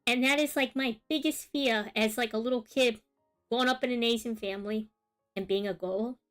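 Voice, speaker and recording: A woman's voice: fairly high pitch, steady tone, normal speed, a bit bright, faint music behind. A young woman streamer telling a long personal story in a rambling, casual way, full of fillers and asides. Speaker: art streamer. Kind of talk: casual chat while drawing on stream.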